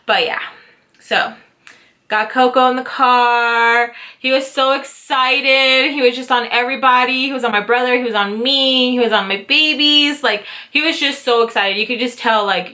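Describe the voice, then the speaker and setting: A woman in her twenties telling a story to camera in a casual vlog, animated and dramatic, with swearing and acted-out quotes. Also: high voice, normal speed. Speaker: YouTube storyteller, mother.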